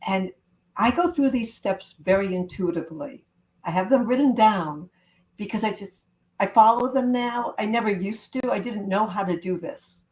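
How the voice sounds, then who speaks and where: A woman love coach giving an earnest, gentle self-help talk to camera, with spiritual wording. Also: mid-range voice, rough recording.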